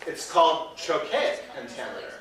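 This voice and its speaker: A man's voice: a little high, very animated, normal speed, fairly bright tone. A man teaching a Shakespeare workshop in a playful way, often checking in with 'right?'. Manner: playful, ends phrases with 'right?'. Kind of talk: classroom teaching. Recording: echoey room, voice from far off.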